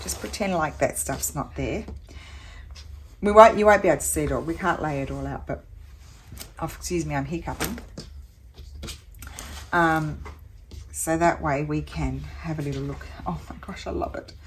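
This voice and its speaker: A woman with a low voice talks through her crafting as she goes, thinking aloud. She chats casually and drops in little exclamations of delight. A faint noise sits under the recording. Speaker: craft vlogger. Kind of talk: chatty crafting narration.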